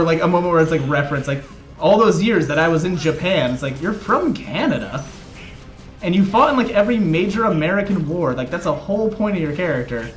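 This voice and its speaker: A man with a high, light voice chats loosely with his live audience, cracking jokes and teasing himself. Faint game music plays underneath him. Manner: chatty, joking, self-mocking. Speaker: streamer. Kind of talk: casual live-stream chat.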